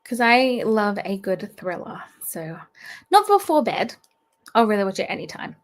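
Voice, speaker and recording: A young woman, hosting a book channel livestream in casual, rambling chat with many fillers and soft laughs. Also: medium pitch, very animated, normal speed. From Australia.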